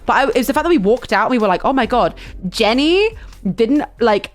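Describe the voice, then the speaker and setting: A young woman streamer telling a chaotic travel story in casual chat, animated and full of fillers and restarts. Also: fairly high pitch, fairly quick.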